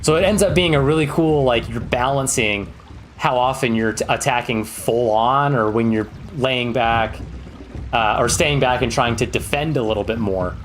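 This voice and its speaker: Male streamer, casual game talk, eager and rambling, mid-pitched voice, lots of ums. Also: moderate pace, slight background noise. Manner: chatty and rambling, with many fillers; enthusiastic. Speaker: streamer ranking games. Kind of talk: casual livestream commentary.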